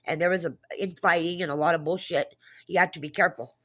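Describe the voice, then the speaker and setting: Woman vlogger, low-ish voice, heated and profane, rambling restarts. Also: fairly even intonation, fast, a bit bright. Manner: agitated, profane retelling with frequent restarts. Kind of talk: casual monologue.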